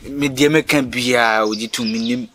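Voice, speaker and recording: An actor playing a boastful, coaxing property agent in a comedy film. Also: male voice, mid-range voice, steady tone, moderate pace, crowd noise, close to an everyday voice. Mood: bargaining.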